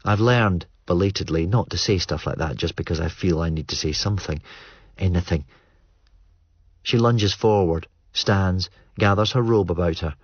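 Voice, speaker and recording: Deep husky male narrator. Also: no echo. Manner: measured, understated. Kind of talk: audiobook narration. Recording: muffled dry studio read.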